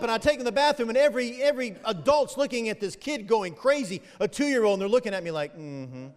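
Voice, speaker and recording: High-voiced preacher in a reverberant hall. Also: male voice. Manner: animated storytelling, rises to loud emphatic peaks then drops low. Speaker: pastor. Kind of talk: sermon.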